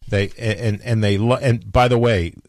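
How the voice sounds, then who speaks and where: A man with a fairly low voice co-hosting a talk radio show, trading casual remarks with his partner. He speaks conversationally and slips in wry asides. His voice comes through dry and close, with no room sound. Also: fairly even intonation, normal speed, dry recording.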